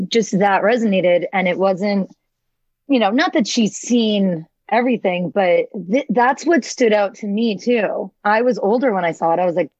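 A woman co-hosts a podcast, sharing an animated story in casual conversation and breaking into laughter along the way. The recording sounds dull and lo-fi, with a dry, close feel and no room echo. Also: medium pitch. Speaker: podcast co-host. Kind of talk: casual chat.

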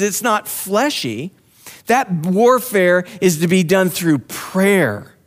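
A man preaching a passionate, pleading sermon, who drops to a soft, low voice when he prays aloud. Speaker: pastor.

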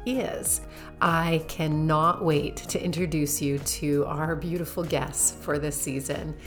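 A woman podcast host with a notably low voice, talking in an upbeat, effusive way. She laughs easily, and faint music plays behind her. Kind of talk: podcast intro and interview.

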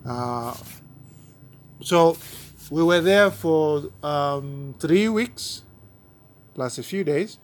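A man's voice: a little high, animated, very slow, pauses often. A man from Uganda, a pastor giving his personal testimony in an interview, speaking earnestly and often repeating or restarting his words.

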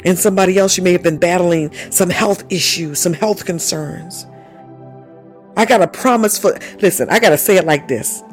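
A woman preaches with fervent, repeating urgency and speech, calling out again and again as her pitch climbs and falls. Faint music plays under her voice. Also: normal speed. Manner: fervent, repeats "listen" and "my God", speaks in tongues. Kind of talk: charismatic sermon.

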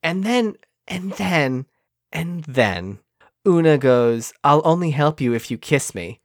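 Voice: mid-range voice, expressive, slow, no echo, clean studio sound. A podcast co-host recapping a movie in casual chat, sarcastic and profane, acting out the scenes.

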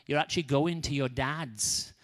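A man's voice: medium pitch, moderate pace. Male preacher, mid-range voice, storytelling sermon that acts out each person. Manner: animated, acts out the quoted people. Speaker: guest preacher.

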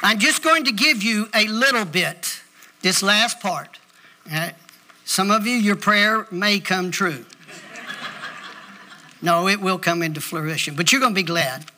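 A man's voice: high voice, a little slow, pauses often, bright, forceful tone, a little hiss or hum. A male pastor, preaching an emphatic sermon straight at his congregation. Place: church.

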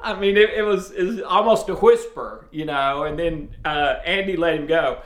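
A man from East Tennessee with a strong Southern accent, casually and loudly addressing viewers as host of a faith video series. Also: a little high, moderate pace. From East Tennessee, USA. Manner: loud, speaks up forcefully. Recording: roomy echo.

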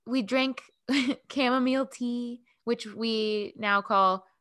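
A woman co-hosting a podcast in casual chat over a video call, bubbly and laughing often, her voice leaping up when excited. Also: on the high side, slow pace, smooth. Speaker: podcast co-host. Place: home, remote call.

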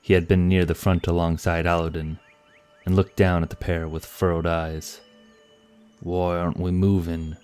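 A man narrating a fantasy story in a measured, scripted way. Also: low-pitched, flat delivery, a little mellow, clear, resonant tone.

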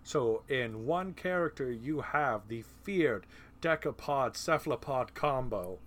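Animated man chatting about films. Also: medium pitch, measured pace. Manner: animated, laughing, profane asides. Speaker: podcast host. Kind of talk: casual film discussion.

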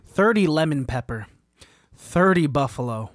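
A man's voice: on the high side, lively intonation, measured pace, no room sound, clean studio sound. A young man co-hosting a podcast, joking and teasing his co-host in casual chat.

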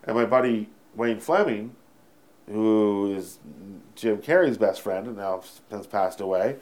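A Canadian stand-up comedian telling a story in an interview, rambling, swearing freely and correcting himself mid-sentence. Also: male voice, on the low side, unhurried, darkish tone.

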